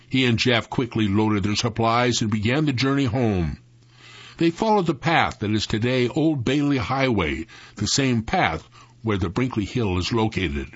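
A man reading a book aloud for a radio reading service, narrating in an expressive, lilting storytelling manner, on a dull lo-fi radio recording. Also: mid-range voice, moderate pace, husky. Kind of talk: audiobook narration.

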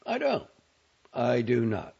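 A man's voice: medium pitch, wildly swooping pitch, slow pace, gravelly, darkish tone, slightly rough, voice pushed up, heavily acted. A man voicing a glib, outspoken young man in an audiobook reading, wry and sardonic. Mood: earnest. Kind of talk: audiobook character voice. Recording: dull lo-fi audio.

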